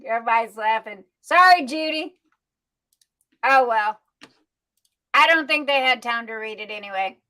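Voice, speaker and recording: A woman's voice: fairly high pitch, lively intonation, normal speed, long pauses, bright, forceful tone, low-quality recording. A woman hosting a livestream, chatty and affectionate in her talk. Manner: chatty, affectionate, folksy Southern phrasing. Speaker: livestream host. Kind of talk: casual livestream chat.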